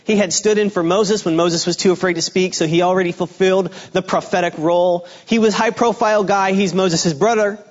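A man giving a guest sermon in a relaxed, conversational way, with fillers and restarts. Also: high-pitched, brisk, few pauses, dull audio. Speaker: guest preacher. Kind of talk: sermon with a joke opener.

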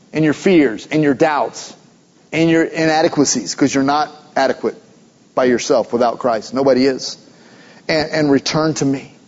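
A man with a high voice delivers an earnest sermon, hammering his points home through repeated phrases. The recording sounds dull and lo-fi. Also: darkish tone. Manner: earnest, repetitive emphatic preaching. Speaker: pastor.

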